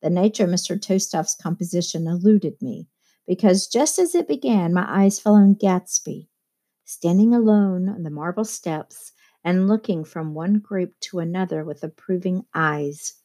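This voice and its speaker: A woman reading a novel aloud as an audiobook narrator, in steady, measured narration. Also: on the low side. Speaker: audiobook reader.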